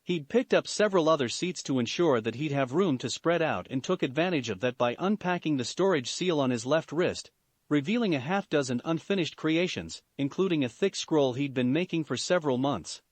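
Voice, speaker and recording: A man reading fan fiction aloud as narrator, in an expressive way. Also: fairly high pitch, fairly quick, no room sound. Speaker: story reader.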